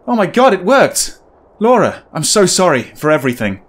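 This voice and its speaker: A man's voice: sits high, sing-song, moderate pace, voice pushed up. A man reading aloud a game's guilt-ridden husband, pleading in a raised voice. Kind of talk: reading game dialogue aloud.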